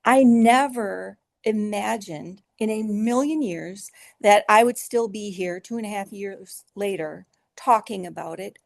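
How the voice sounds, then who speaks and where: Gravelly-voiced woman author. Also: medium pitch, measured pace, few pauses, no echo, studio quality. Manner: earnest, emotional, with soft laughs and filler restarts. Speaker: author guest. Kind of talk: conversational interview storytelling.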